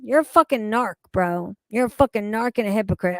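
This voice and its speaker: A woman's voice: medium pitch, fairly quick, fairly bright tone, no room sound, clean studio sound. A woman streaming live, reading chat comments aloud and reacting in a blunt, profane, exasperated way.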